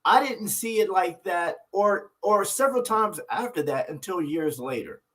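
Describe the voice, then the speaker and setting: A man's voice: high voice, expressive, moderate pace, a bit bright, rough recording. A man co-hosting a podcast with his wife, telling stories in an earnest, reflective way. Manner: earnest, reflective storyteller, many restarts. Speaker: podcast co-host. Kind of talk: casual couple chat.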